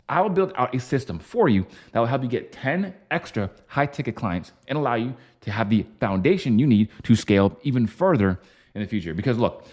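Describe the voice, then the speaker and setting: A young man who works as a business coach, pitching his system in a fast, confident, sales-like way with frequent ums and uhs. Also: a little mellow. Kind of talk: scripted-style pitch to camera.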